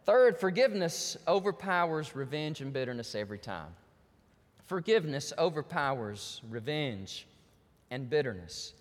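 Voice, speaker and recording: A man's voice: fairly high pitch, sing-song, moderate pace, in a large hall. A man preaching a sermon as pastor, telling stories animatedly and acting out the voices of the people in them.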